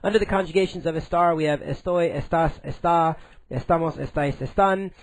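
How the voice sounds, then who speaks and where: A man teaching a recorded Spanish grammar lesson in English, explaining slowly and deliberately with frequent "uh" fillers. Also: a little high, dry recording, low-quality recording.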